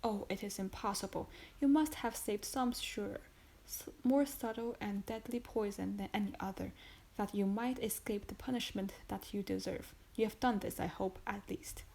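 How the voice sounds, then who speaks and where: A relentless, contemptuous male magistrate, calm and icy as he presses his accusations, read by a woman in an audiobook. His delivery stays level and measured while it cuts. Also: medium pitch, creaky, lightly acted, poor audio. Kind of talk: audiobook reading.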